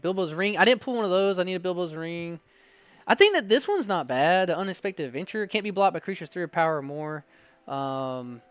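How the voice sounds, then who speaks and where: Lively high-voiced man opening cards. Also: smooth, no room sound. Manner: chatty and excitable, reads card text aloud. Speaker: card-opening channel host. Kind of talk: casual unboxing chat.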